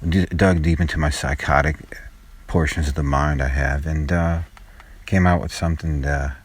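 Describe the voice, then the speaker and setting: A man's voice: rumbling low, fairly even intonation, normal speed, slightly rough. A man, a musician guest, chatting casually in a car in a rambling, profane way. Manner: rambling, profane, laughs at himself. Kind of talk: casual chat.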